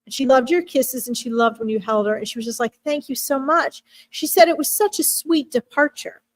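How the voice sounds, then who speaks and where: A woman gives a heartfelt animal reading on a live stream, her voice sitting a little high. Gentle and emotional, she often halts and restarts her sentences. The sound is close and dry, with no room echo.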